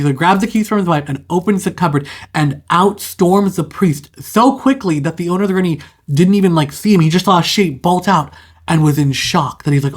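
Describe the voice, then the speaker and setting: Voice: mid-range voice, normal speed. Chatty, rambling casual storyteller. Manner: rambling, chatty, with asides and self-corrections. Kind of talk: casual retelling of a fairy tale.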